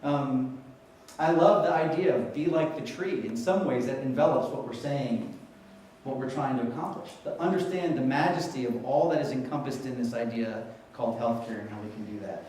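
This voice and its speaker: A man's voice: mid-range voice, a little fast, recorded from a distance, a little hiss or hum. Man telling stories in an echoey hall. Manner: animated storyteller, acts out quoted voices. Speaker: keynote speaker on patient experience. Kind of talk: storytelling conference talk. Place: conference hall before an audience.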